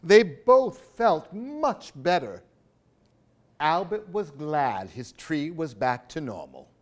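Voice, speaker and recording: A man reading picture books aloud for children in an expressive, sing-song way. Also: on the high side, slow pace. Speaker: storyteller for a library program.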